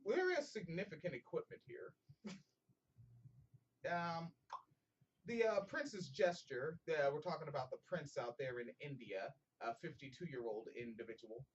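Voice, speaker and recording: A man's voice: a little high, expressive, measured pace, breathy edge, far from the mic, dull audio. A man hosting a casual comedic podcast, reading a news story aloud with many fillers and stumbles, and joking with profanity. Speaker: podcast host.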